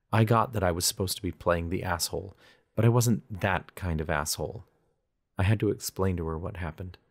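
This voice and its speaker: A man narrating a romance audiobook in first person with an intense, dramatic delivery. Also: low voice.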